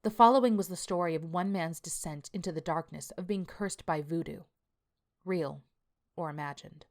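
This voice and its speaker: A woman narrating a scripted story in a measured, even way. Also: on the low side.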